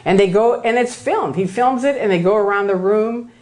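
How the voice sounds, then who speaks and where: A woman giving a lively storytelling talk to an audience in a room, acting out other people's voices as she goes. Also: mid-range voice, normal speed. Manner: animated, acts out other people's voices in quotes. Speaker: lecturer.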